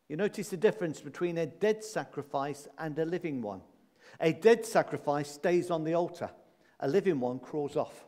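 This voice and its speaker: A man's voice: sits high, darkish tone. A man preaching a sermon in a church, emphatic, repeating key words and asking rhetorical questions. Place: church hall. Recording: long church reverb.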